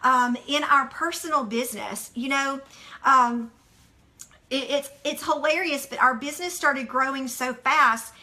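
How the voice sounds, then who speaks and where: A middle-aged woman giving a casual devotional talk, telling stories in a chatty, animated way with plenty of fillers. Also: high voice. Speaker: devotional speaker.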